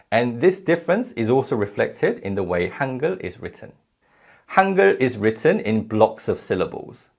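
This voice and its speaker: Gravelly, lively male language teacher. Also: fairly low pitch. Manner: clear, measured explanation with spoken examples. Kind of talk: recorded lecture.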